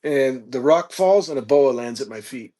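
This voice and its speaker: A man guest on a podcast, telling a casual story with animated peaks and frequent fillers. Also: medium pitch, normal speed. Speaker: podcast guest, reptile keeper.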